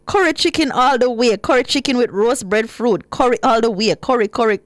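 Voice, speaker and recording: A Jamaican woman hosting live radio, reading out listener comments with a lively, laughing manner and slipping into patois. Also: fairly high pitch, moderate pace, no echo, studio quality. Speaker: radio host.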